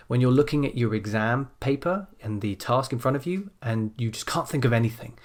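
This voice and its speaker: Male teacher, mid-pitched, steady explainer of writing skills, leans on key phrases. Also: a little hiss or hum. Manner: measured explaining, stresses key phrases as he types. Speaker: language teacher. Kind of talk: recorded essay-writing lesson.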